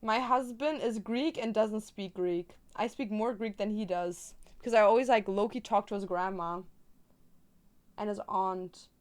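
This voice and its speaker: A woman's voice: medium pitch, unhurried. A young woman whose first language is German, chatting casually and playfully while crafting on a stream.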